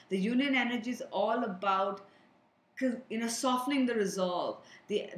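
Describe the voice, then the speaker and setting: A woman's voice: mid-range voice, reverberant, poor audio. A woman giving an earnest spiritual energy reading, advising the viewers directly as she talks to them. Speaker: energy reader and healer.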